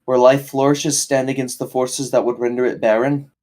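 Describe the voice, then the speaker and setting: A man's voice: medium pitch, level tone, moderate pace, darkish tone, close to an everyday voice. A man voicing a determined adventurer who repeats a paladin oath earnestly, close to his own voice.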